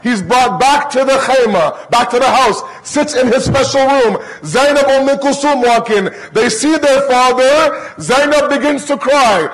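A man's voice: very high-pitched, a little slow, hardly any pauses, low-quality recording. A man preaching a sermon as a preacher, retelling a sacred story with emotion and heavy repetition.

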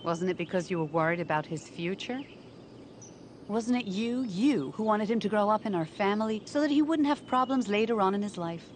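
A woman playing a calm, firm adoptive mother. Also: mid-range voice, brisk, a little hiss or hum, natural voice. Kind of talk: dubbed drama acting. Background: background music.

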